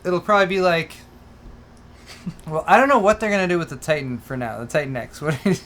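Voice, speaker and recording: Easygoing man with a slightly high voice. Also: brisk, a bit bright, a little hiss or hum. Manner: easygoing, laughs often, stumbles over words. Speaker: co-host. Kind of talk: casual chat, livestream.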